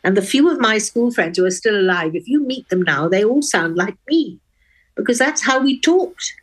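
An older Englishwoman with a posh Oxford accent, a guest in a radio interview, speaking frankly and wittily with crisp diction. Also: medium pitch, animated, normal speed. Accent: upper-class English (Oxford). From England.

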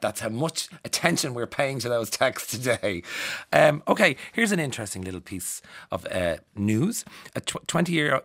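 A man's voice: medium pitch, a bit bright, no room sound, clean studio sound. A man with an Irish accent hosting a radio show, chatting and laughing as he reads out listener texts in a self-mocking way. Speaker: radio host. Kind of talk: casual radio chat reading listener texts.

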